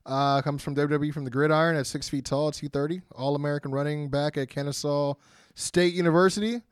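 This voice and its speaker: A man's voice: fairly high pitch, steady tone, brisk, smooth, no room sound. A man co-hosting a podcast, chatting casually and reading wrestling news items with lots of fillers. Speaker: podcast co-host.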